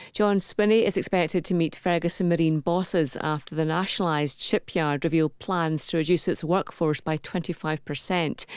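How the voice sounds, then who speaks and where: A woman reads the radio news. Her voice is smooth and crisp, and she keeps a formal, measured pace. The sound is close and dry. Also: sits low, a little mellow, no echo. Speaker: newsreader. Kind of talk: scripted news bulletin.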